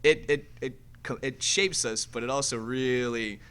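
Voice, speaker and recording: A man's voice: medium pitch, a little slow, a bit bright, clear, resonant tone. Rambling young American man. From United States. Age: young adult. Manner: rambling, with many restarts and playful sound effects. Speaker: guest. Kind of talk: casual chat.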